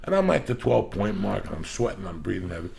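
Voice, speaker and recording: A man hosting a podcast, ranting loudly and profanely in comedic style. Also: fairly low pitch, very animated, fast, gravelly, a little hiss or hum. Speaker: podcast host.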